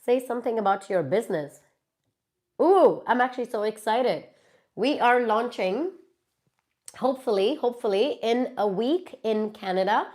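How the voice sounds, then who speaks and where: A woman's voice: fairly high pitch, lively intonation, normal speed, a little mellow. A woman with an Indian English accent hosting a casual live Q&A, answering viewer questions in an emphatic way and repeating words for stress.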